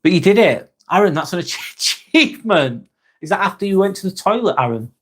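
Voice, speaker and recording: A man's voice: high-pitched, very animated, fairly quick, fairly bright tone. An English man hosting a casual live chat, reading out viewer comments and answering them in a blunt, jokey way, swearing freely and chuckling often. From England. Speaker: live stream host.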